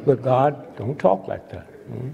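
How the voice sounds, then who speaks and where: A man's voice: mid-range voice, sing-song, measured pace, creaky, dull audio, heavy background noise. A man in his eighties giving a comedic lecture to a live audience, preacherly and teasing, asking "hmm?" after nearly every point. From United States. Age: 80s. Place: large lecture hall. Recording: lecture hall with long reverb.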